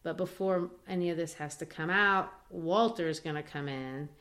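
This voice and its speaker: A woman teaching literature in a lively way, discussing a play and acting out its quoted lines. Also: deep voice, moderate pace. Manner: animated, acts out quoted lines.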